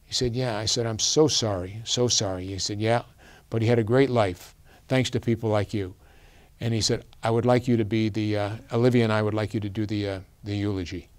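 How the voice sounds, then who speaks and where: A middle-aged man telling a personal story in a presentation, earnest and halting, with many fillers and restarts. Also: fairly low pitch, steady tone. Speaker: guest speaker.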